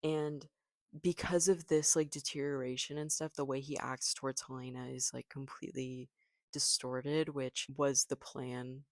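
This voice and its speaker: A woman book vlogger in a casual reaction vlog, excitable and rambling, swearing often. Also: rumbling low, moderate pace, no echo, clean studio sound. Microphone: camera.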